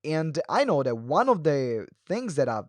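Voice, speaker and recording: A man teaching a live webinar as a speaking coach, talking quickly with many fillers and restarts and shifting his pace and pitch for emphasis. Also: sing-song, no room sound. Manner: fast talker who varies pace and pitch; moves hands and head while talking.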